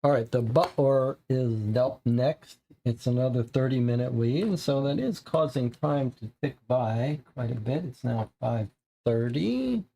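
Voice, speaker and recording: Gravelly-voiced man narrating a noir game. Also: mid-range voice, lively intonation, measured pace, mellow. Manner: chatty, asides to viewers. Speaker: game host playing a solo noir case.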